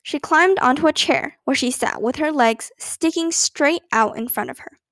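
A woman reading a children's book aloud in a gentle, expressive way. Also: high-pitched, normal speed, no echo. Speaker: storyteller.

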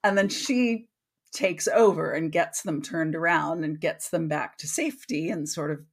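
Low, husky woman guest author; rambling, filler-heavy podcast storyteller. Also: normal speed. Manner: retells a story loosely, full of fillers. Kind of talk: casual podcast chat.

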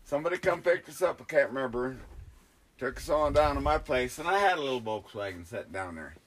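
Lively and a little fast, in a fairly bright medium-pitched voice, an older man swaps rambling, profanity-laced stories with fellow hunters, chuckling as he tells them.

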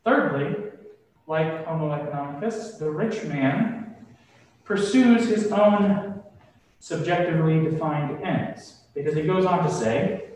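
A man preaching a sermon in a slow, deliberate, emphatic way. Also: on the high side, darkish tone. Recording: echoey room from far off.

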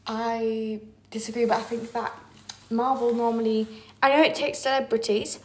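A young woman co-hosting a podcast, chatting casually and gushing about films and shows with quick asides. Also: on the high side, fairly even intonation, darkish tone. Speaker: podcast co-host. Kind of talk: casual chat.

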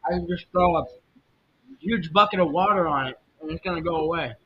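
A young man hosting a casual solo podcast, rambling and opinionated, with lots of fillers and restarts. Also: brisk. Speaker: podcast host. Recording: muffled lo-fi mic with faint rumble. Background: faint jazz music.

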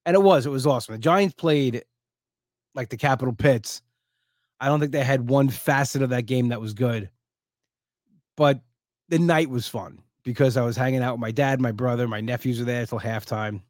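A man's voice: medium pitch, normal speed, dry recording, studio quality. Tired man rambling through a story. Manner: rambling storyteller with restarts, animated when quoting people. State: exhausted, low on energy. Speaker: podcast host. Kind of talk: casual solo podcast monologue.

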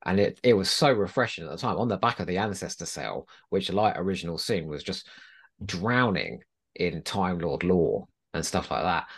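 A man with a fairly low voice leads a casual book discussion on a podcast. His pitch rises and falls a great deal as he talks. He sounds animated and chatty. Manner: animated, acts out quoted people in an anecdote. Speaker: podcast co-host.

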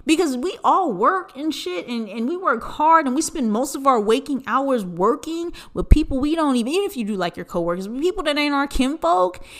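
A woman hosting a casual solo podcast, ranting in a profane, animated way with big jumps in pitch for emphasis. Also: moderate pace, few pauses. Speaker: podcast host.

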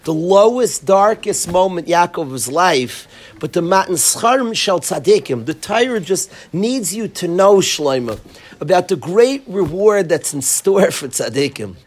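A man teaching a Torah lesson to a class of boys, animated and sarcastic, calling on students by name. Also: high-pitched, unhurried.

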